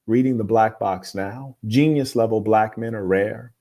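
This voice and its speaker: A man hosting an advice show, reading viewer letters aloud and giving blunt, moralizing opinions in a calm, lecturing way. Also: on the low side, unhurried. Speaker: host.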